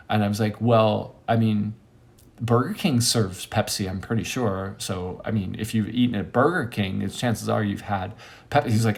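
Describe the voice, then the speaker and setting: A man with a gravelly, lowish voice tells a rambling story in a casual monologue. He jumps into sudden high squeaks to quote friends and drops to quiet, near-whispered asides. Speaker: monologue host.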